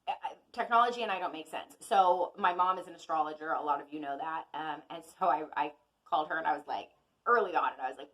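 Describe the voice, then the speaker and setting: Chatty woman with a lowish voice. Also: fast, a bit bright, rough recording. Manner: chatty and conversational, speaks directly to viewers. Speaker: intuitive healer and astrology teacher. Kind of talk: casual teaching monologue.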